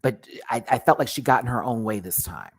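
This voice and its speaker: Sassy, animated man reviewing drag. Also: medium pitch, a little fast. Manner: laughs often, playfully exaggerated. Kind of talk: casual livestream review.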